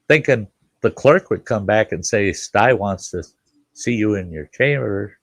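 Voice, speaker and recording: Older male chat host, deep and gravelly, folksy and blunt, swears casually. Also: lively intonation, measured pace, no echo.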